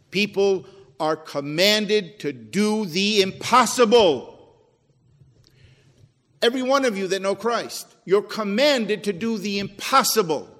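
High-voiced preaching man in a reverberant hall. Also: a bit bright. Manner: preachy, rising to emphatic then dropping low. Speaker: pastor. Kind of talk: sermon. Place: church sanctuary.

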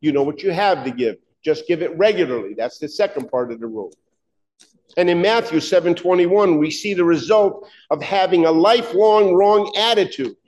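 A man's voice: high voice, expressive, normal speed, darkish tone, muffled recording. A man preaching a sermon in an emphatic, conversational way, asking his listeners pointed rhetorical questions.

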